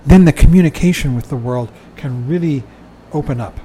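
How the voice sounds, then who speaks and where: A man's voice: medium pitch, moderate pace, warm tone, a little hiss or hum, rough recording. An older man giving a dharma talk, reading from a book and commenting in a conversational way, often chuckling and saying "you know".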